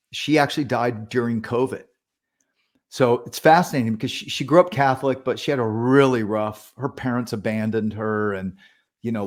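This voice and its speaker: A man speaks as a guest on a podcast, a pastor and author retelling stories with conviction. His voice sits at a middle pitch, and he slips into quoted dialogue as he goes. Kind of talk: storytelling in a podcast interview.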